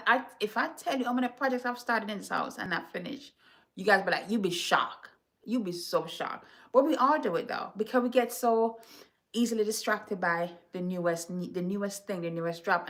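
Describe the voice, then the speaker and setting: Bright-voiced chatty woman from Jamaica. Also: on the low side. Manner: animated, chatty, dramatic storytelling. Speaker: home decor vlogger. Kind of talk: casual storytelling to viewers.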